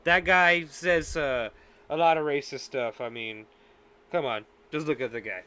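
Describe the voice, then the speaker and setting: A man's voice: a little high, unhurried, pushed and bright, clean tone. A male podcast host in a casual, profane, exasperated rant. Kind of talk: casual ranting chat.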